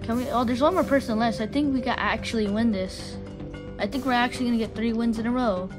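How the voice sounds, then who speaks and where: A woman's voice: on the high side, fast talker, low-quality recording. A woman voicing over her gameplay clips as a channel host, rambling and swearing and trash-talking the other players. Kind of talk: voiced-over gameplay commentary. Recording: game music loud underneath.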